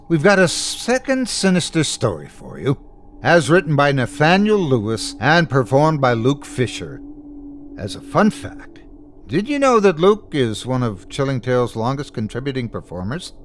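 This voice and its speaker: A man hosting a horror fiction podcast, reading a scripted introduction in a playful, theatrical way. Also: on the high side. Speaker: podcast host.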